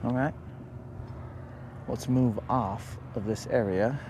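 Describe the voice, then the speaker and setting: A man's voice: medium pitch, steady tone, takes it slowly, noisy background. A man hosting a live fishing stream from a boat, joking with viewers and muttering to himself as he fishes. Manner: joking, teasing chat, talking to himself. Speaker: fishing livestream host. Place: outdoors on a boat on a lake.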